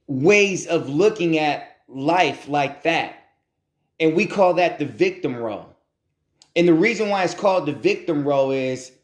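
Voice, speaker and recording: A man's voice: a little high, echoey room. A man giving an earnest motivational talk, repeating phrases and asking rhetorical questions. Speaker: motivational speaker.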